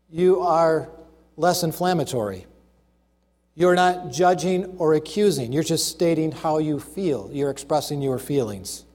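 Man preaching a sermon, highish voice, leans on key phrases, long echoey hall sound. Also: a little mellow. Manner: emphatic, listing numbered points and slowing down on key phrases.

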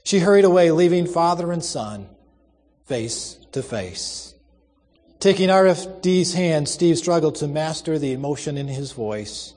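A man's voice: fairly high pitch, unhurried, a little mellow. Man narrating a story in long reverb.

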